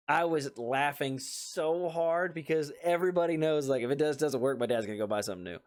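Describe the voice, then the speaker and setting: Man, podcast co-host, casual storytelling, rambling and amused, mid-pitched voice. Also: fast, hardly any pauses.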